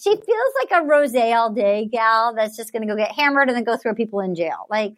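High-voiced animated woman podcast host. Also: a little fast, a little hiss or hum. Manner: animated, profane, lots of "like" and acted-out quotes. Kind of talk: casual comedic chat.

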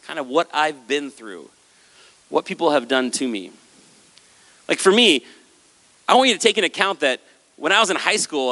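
A man preaching a sermon on stage with a handheld microphone, animated and acting out the voices of listeners and Jesus. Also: a little high. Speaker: pastor. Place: large hall with a stage. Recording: hall with long reverb.

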